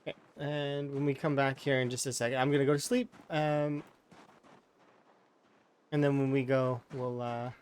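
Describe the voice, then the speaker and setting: A man's voice: medium pitch, flat delivery, normal speed, long pauses, a little mellow, slight background noise. A man giving casual, rambling commentary while playing a game, often restarting his words and brushing off complaints. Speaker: streamer.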